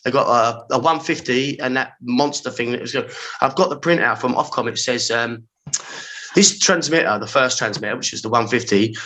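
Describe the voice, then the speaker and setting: A man in his forties with a London accent, a podcast guest telling animated, slangy stories and acting out his own reactions. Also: mid-range voice, normal speed, poor audio. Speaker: podcast guest, former pirate radio engineer. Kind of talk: storytelling in casual chat.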